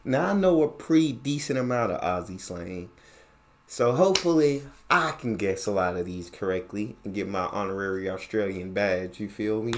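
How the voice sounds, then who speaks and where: An American man hosting a reaction video, talking in a lively, slangy, casual way and chiming in on the clip. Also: on the low side, moderate pace, background noise. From United States. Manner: animated, slangy, talks back at the clip.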